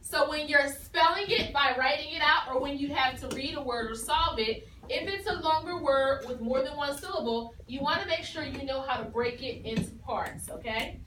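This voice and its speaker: A woman's voice: high voice, normal speed, few pauses, noisy background. A woman teacher leading a phonics lesson, patiently asking questions and repeating the pupils' answers. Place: classroom. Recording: echoey classroom from far off.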